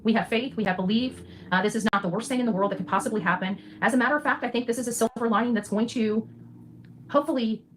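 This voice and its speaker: Talking fast in a slightly high voice, this citizen journalist livestreamer in her forties addresses her viewers directly. The audio is poor, with a little hiss or hum, and her tone is preachy, defiant, and reassuring, with frequent "okay?" tacked onto her sentences.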